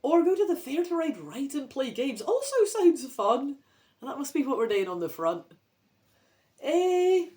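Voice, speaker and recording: A woman's voice: high-pitched, very animated, moderate pace, darkish tone. Chatty Scottish woman reading aloud. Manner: chatty, sweary, rambling. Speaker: reader of a children's adventure book. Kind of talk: casual read-aloud with asides.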